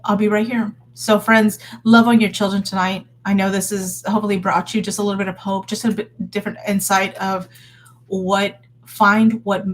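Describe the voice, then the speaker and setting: A woman's voice: mid-range voice, little pitch movement, moderate pace, slight background noise. A woman in her thirties talking casually and earnestly to her viewers, encouraging and full of fillers and restarts. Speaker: vlogger. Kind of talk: casual faith vlog talk.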